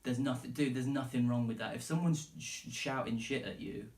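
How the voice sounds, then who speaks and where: A man's voice: mid-range voice, steady tone, moderate pace, reverberant, recorded from a distance, poor audio. Swearing, emphatic male podcast host. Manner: emphatic, swears, says "dude". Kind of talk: casual solo podcast monologue.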